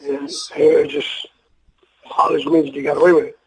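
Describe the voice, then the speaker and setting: A man's voice: on the high side, flat delivery, moderate pace, crowd noise, low-quality recording. An older man, a retired wrestler, telling rambling, profane, emotional stories in a casual interview. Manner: rambling, profane, emotional storyteller who acts out voices.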